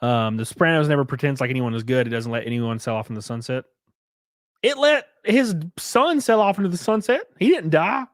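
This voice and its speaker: Southern male streamer, expressive, bit raised pitch, dead-dry close mic. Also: brisk, no room sound. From Alabama. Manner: animated, profane, reads chat aloud. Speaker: streamer host. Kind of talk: casual live-stream chat.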